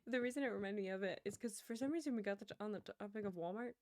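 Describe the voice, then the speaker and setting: A woman's voice: mid-range voice, very fast, a little mellow, slight background noise. A young woman streamer telling stories in casual chat while gaming, laughing often and muttering to herself as she plays. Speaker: livestreamer.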